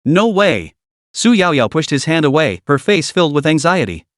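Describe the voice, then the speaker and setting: Male recap narrator, dramatic read, fairly high and animated. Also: brisk, dry recording, studio quality. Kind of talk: scripted story narration.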